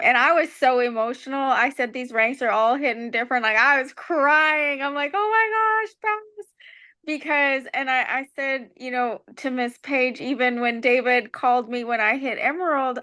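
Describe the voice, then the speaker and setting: A woman's voice: on the high side, bright, forceful tone. A woman giving a heartfelt, gushing speech of gratitude on a video call. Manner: gushing, effusive, grateful.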